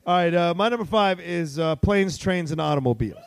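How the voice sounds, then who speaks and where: A man's voice: sits high, fairly quick, creaky, background noise. A man co-hosting a podcast, chatting casually and joking, slipping into silly voices and swearing. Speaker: podcast co-host. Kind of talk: casual comedic chat.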